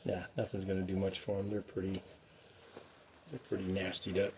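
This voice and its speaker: A man's voice: low-pitched, monotone, moderate pace, background noise. A middle-aged man giving casual, rambling commentary while cleaning car light lenses, making self-deprecating asides. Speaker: car restoration vlogger.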